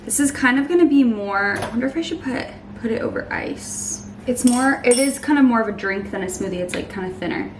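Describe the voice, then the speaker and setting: A young woman in her twenties chatting casually to camera as she makes a smoothie, saying "like" a lot and sometimes trailing off into soft murmurs. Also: a little high, roomy sound, recorded from a distance, background noise. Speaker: lifestyle vlogger. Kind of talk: casual vlog chat. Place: home kitchen.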